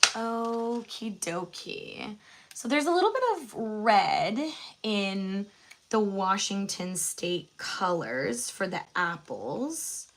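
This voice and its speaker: A woman's voice: mid-range voice, big pitch swings, slow, a bit bright. A woman chatting casually while she colors on a live stream, musing aloud and laughing easily. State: out of breath. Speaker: host.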